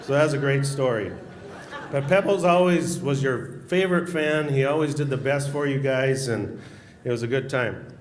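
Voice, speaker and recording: A man's voice: mid-range voice, normal speed. A middle-aged man with an Upper Midwest American accent, a former hockey announcer telling funny stories at a banquet. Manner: joking anecdotal storyteller. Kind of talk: storytelling speech at a banquet. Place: banquet hall at a social event. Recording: echoey hall, faint room noise.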